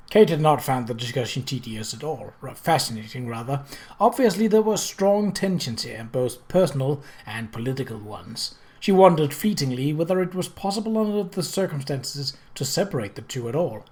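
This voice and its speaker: A woman narrating a novel in a measured, even reading voice. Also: rumbling low. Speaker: audiobook reader. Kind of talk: storybook narration.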